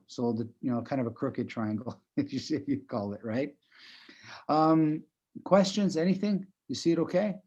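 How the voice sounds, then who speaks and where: Dark-voiced man teaching breathing online. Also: a little high, lo-fi sound. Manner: conversational, repeats "right?" often, chuckles while explaining. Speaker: breathing instructor. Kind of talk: live online class. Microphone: video call.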